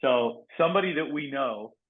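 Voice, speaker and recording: A guest who is a former SWAT negotiator and security professional tells stories on a casual podcast, heard over phone-like narrow band audio. His mid-range voice moves at normal speed, and he is animated, laughing often and acting out quotes loudly.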